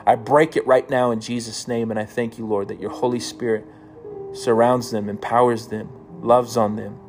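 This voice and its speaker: A man reads psalms aloud in a steady, middle-pitched voice, then turns to fervent prayer for his listeners. Guitar music plays clearly under his words throughout. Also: moderate pace. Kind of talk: scripture reading and prayer. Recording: music playing behind the voice.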